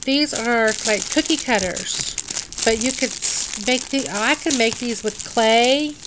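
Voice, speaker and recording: At home in a dim room, a middle-aged woman unboxes a craft package, chatting casually in a fairly high voice. She speaks slowly, sounding tired, drowsy, sluggish and tongue-tied, with noise in the background.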